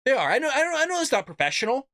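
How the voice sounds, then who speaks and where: A man's voice: extremely high pitch, very animated, very fast, pushed and bright, no room sound. Fired-up guy ranting about politics, voice jumping up and down, dry close mic. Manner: heated, exasperated ranting with frequent restarts. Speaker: political commentary host. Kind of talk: live political commentary.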